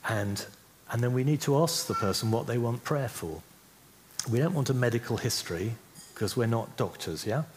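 A man's voice: medium pitch, animated, moderate pace, a little hiss or hum. A man teaching a church group how to pray for healing, speaking conversationally and often checking in with "yeah?". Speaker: preacher teaching on healing prayer.

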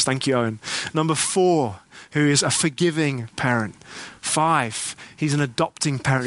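A middle-aged man delivers a sermon in an earnest, conversational way, asking his congregation questions as he goes. His voice sits fairly high for a man, and the sound is close and dry. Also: a bit bright, dry recording. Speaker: preacher.

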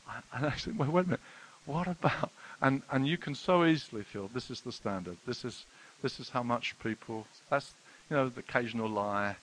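A middle-aged man preaching a sermon, telling stories with sudden loud exclamations and hushed, earnest passages. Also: medium pitch, brisk, hardly any pauses, low-quality recording. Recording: faint hiss.

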